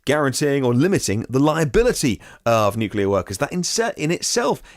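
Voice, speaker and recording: A man's voice: mid-range voice, big pitch swings, a little fast, no room sound, clean studio sound. A man hosting a daily news podcast, reading out listener comments and adding wry, sarcastic asides of his own. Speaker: podcast host.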